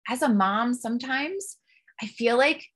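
A woman, a guest on a podcast, telling personal stories in an open, emotional and expressive way. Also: fairly high pitch, unhurried. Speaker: podcast guest, business coach. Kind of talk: candid personal storytelling.

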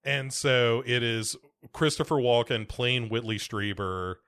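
A man's voice: mid-range voice, unhurried, a bit bright, smooth. An American man co-hosting a podcast, chatting casually about a film with many fillers and restarts. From United States. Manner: rambling, full of fillers and restarts. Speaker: podcast co-host.

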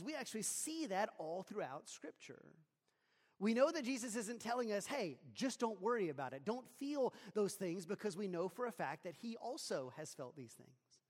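A man preaching a sermon in an earnest, conversational way, often restarting his words. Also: high-pitched. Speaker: pastor. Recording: long hall reverb.

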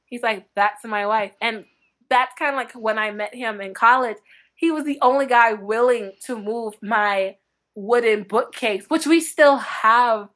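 A woman book blogger chatting as a podcast guest, telling lively stories with frequent laughter and acted-out quotes. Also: fairly high pitch, measured pace. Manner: animated, laughing often, acts out quotes. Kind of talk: chatty podcast interview storytelling.

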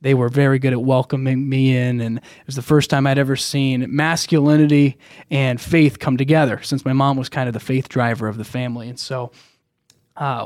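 A man's voice: medium pitch, darkish tone, dry recording. Young man, podcast guest, earnest storyteller, rambling, dry close mic. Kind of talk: personal faith story, casual.

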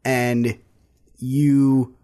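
Laughing, relaxed podcast co-host man. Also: medium pitch, drawn-out words. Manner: laughs often, relaxed and joking. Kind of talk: casual chat.

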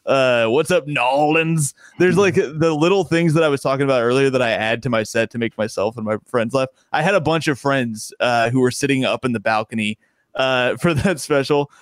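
A man's voice: mid-range voice, normal speed, no room sound. A man, a stand-up comedian, chatting casually in a podcast interview, rambling and restarting his sentences and laughing often.

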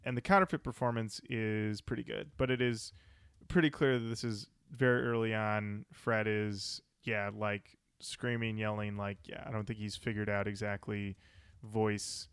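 A man's voice: fairly low pitch, fairly even intonation, moderate pace, a bit bright, smooth, dry recording, clean studio sound. A man co-hosting a podcast, talking through his thoughts in a rambling way and correcting himself as he goes. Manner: rambling, thinks aloud with self-corrections. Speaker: podcast co-host. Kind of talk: casual chat about music.

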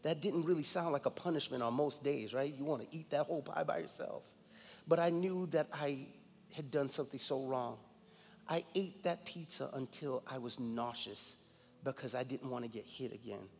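A man's voice: mid-range voice, moderate pace, creaky, a little mellow, big-room sound, a little hiss or hum. A man in his forties from New York, a guest pastor preaching a sermon with emphatic personal storytelling. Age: 40s.

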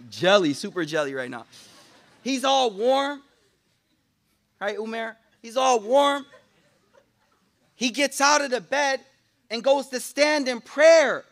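A young man giving a lively, casual sermon to a live audience, joking and using slang, and reciting Arabic quotations quickly. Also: very high-pitched. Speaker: Islamic lecturer.

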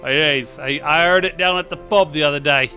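A man's voice: fairly high pitch, fairly quick, bright, forceful tone, faint music behind. An actor playing an American man who insists he is British, in a chirpy put-on British accent full of slang, in a comedy sketch. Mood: chipper. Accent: put-on British English. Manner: chirpy, stubborn, slang-heavy. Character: American man faking a cheery British persona.

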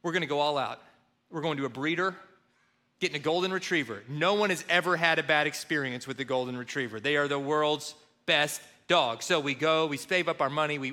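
A middle-aged pastor preaches a sermon, telling a self-deprecating story and acting out the people in it, including phone calls. His voice is a little high, pushed and bright.

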